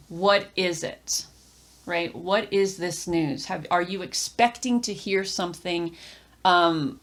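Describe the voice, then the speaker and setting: A woman giving a casual tarot reading, talking straight to the viewer with lots of fillers, restarts and repeated phrases. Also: fairly low pitch. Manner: rambling, repeats herself, many fillers and restarts; addresses the viewer directly and encouragingly. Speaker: tarot reader.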